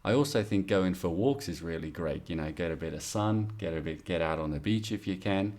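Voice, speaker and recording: A man's voice: sits low, a little fast, a little mellow, natural voice. A man voicing a laid-back Australian male exam candidate in a put-on Australian accent, casual and chummy. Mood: breezy.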